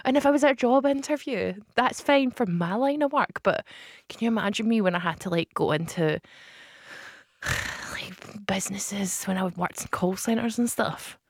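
A woman with a Glaswegian accent co-hosting a casual chat, playful and quick to laugh. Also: mid-range voice, no room sound. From Scotland. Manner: giggly, playful, often breaks into laughter. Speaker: podcast co-host.

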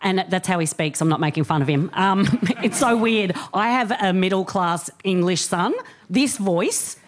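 An Australian woman on a comedy panel, telling an animated anecdote and doing voices. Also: lowish voice, normal speed. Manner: animated anecdote with voice impressions, laughing. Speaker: panel show contestant.

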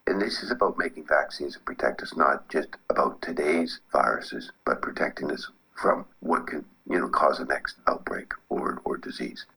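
A man's voice: very deep voice, normal speed, vocal fry, hardly any pauses, sharp tone, slightly rough, rough recording. A male university professor explaining vaccine research in an interview clip, with some restarts.

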